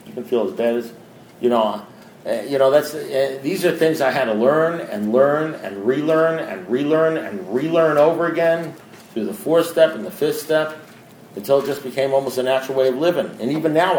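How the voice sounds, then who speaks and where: A man's voice: medium pitch, moderate pace, darkish tone. Blunt man talking in an echoey room. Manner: blunt, plain-spoken, keeps asking the group direct questions. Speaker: speaker sharing at a recovery group meeting. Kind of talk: informal talk to a group. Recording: echoey room with faint background noise.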